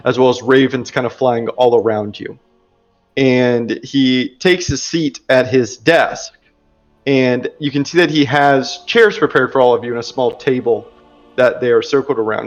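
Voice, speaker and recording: A man narrating a tabletop game as game master, casual and chatty with filler words, on a dull lo-fi recording. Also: mid-range voice.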